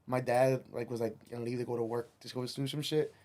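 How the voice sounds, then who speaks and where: A man's voice: mid-range voice, flat delivery, fast, darkish tone. A man, a musician guest on a podcast, telling a rambling, profane story and slipping Spanish phrases into his English.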